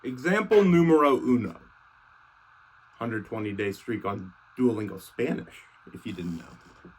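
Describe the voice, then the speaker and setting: A man's voice: medium pitch, animated, unhurried, husky. A young man irreverently retelling scripture as comedy, slangy and swearing casually. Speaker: comedic storyteller.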